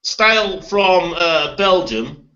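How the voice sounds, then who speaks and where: A man's voice: high voice, lively intonation, slow pace, bright, forceful tone, highs cut off. A man hosting a casual beer tasting chat, rambling and laughing often. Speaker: beer review host.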